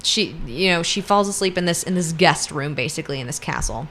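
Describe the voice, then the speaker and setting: A chatty woman co-hosting a podcast and retelling a book's plot. Her voice sits on the low side, and she fills her talk with "like" and "um." Faint room ambience runs under her voice. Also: expressive, fairly quick, fairly bright tone, a little hiss or hum. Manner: chatty, filler-heavy, quotes characters. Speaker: podcast co-host. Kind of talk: casual chat, retelling a book plot.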